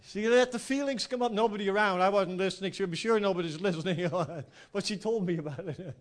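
A man giving an informal sermon, telling stories with animated rhetorical asides and frequent chuckles. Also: sits high, fairly quick. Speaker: preacher.

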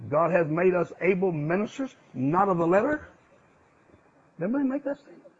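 A man preaching a sermon, swinging from loud, emphatic declarations to low, hushed asides. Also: very animated, fairly quick, husky. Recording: dull lo-fi sound.

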